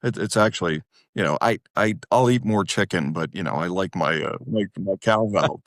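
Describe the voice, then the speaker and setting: A middle-aged man from Wilmington, speaking as a therapist guest and telling animated stories in casual chat. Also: low voice, normal speed, no room sound, clean studio sound. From Wilmington, Delaware. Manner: animated, self-deprecating, jumps into quoted voices. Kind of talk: casual storytelling in a podcast interview.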